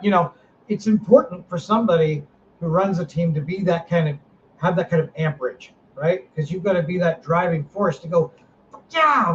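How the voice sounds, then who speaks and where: A middle-aged man hosting a casual podcast chat, running a paranormal team, ranting with animated energy and swearing freely. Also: a little high. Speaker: paranormal team director, host. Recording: slightly dull sound, faint noise.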